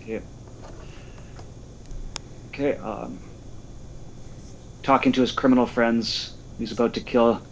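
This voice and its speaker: A man's voice: medium pitch, fairly even intonation, slow, vocal fry, long pauses, highs cut off, slight background noise. A man in casual chat who prompts his co-hosts dryly and works as a coach. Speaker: podcast co-host and coach.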